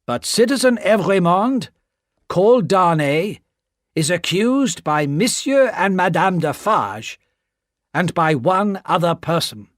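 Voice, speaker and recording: A woman voicing a rough, blunt revolutionary man who speaks loudly and sternly in a read-aloud story. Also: high-pitched, expressive, takes it slowly, dry recording, clean studio sound, voice pushed up.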